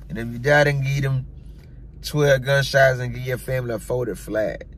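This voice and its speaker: A man delivers a vlog rant, hammering the same points over and over in a blunt, emphatic way. His voice sits at an ordinary middle pitch. Faint car and road noise hums behind him. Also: steady tone, moderate pace. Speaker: vlogger. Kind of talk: opinion rant to camera.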